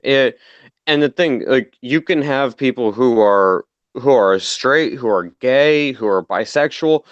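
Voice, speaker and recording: A man's voice: mid-range voice, animated, no echo, dull audio. A man in casual online chat, arguing his point at length with swearing, from a home mic. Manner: measured, drawn-out argument with swearing.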